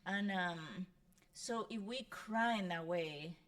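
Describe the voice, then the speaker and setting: A woman hosting a casual conversation, reflective and repeating phrases softly. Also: on the low side, slow pace. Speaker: host.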